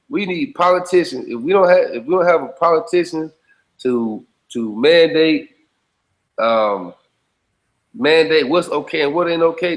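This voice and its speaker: A man's voice: a little high, poor audio. A man speaking bluntly and emphatically in casual conversation, swearing freely and often checking that his listener follows him. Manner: blunt, profane, emphatic street talk; repeats checking phrases to the listener.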